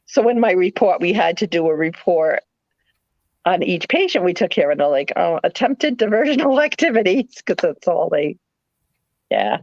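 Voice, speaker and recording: Chatty New England woman, lively storyteller. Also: on the low side, moderate pace, long pauses, no room sound, muffled recording. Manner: rambling, animated storytelling with playful put-on voices. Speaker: live sale host, former nurse. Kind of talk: casual chat.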